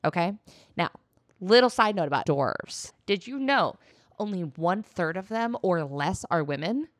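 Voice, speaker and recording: Woman co-host, lively storyteller, jokey and a bit crude, dry close sound. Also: lowish voice, normal speed, no echo. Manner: lively, jokey, casually profane. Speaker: podcast co-host. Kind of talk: casual storytelling chat.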